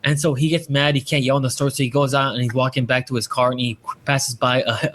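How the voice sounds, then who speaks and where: A man's voice: mid-range voice, level tone, fast, fairly bright tone. Rambling, profane male podcast host. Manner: profane, rambling with many restarts. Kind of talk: casual chat.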